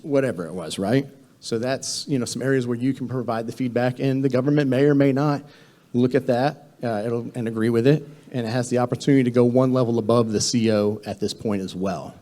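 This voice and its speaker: A man's voice: medium pitch, fairly quick, dark tone. A man presenting a government contracting training session to a room of attendees, speaking conversationally with frequent fillers and restarts.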